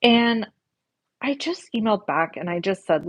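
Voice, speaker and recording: A woman's voice: medium pitch, expressive, moderate pace, no room sound. A woman hosting a card-making livestream, chatting casually with viewers as she works, reading their comments aloud and cussing a little. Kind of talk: casual chat while crafting live.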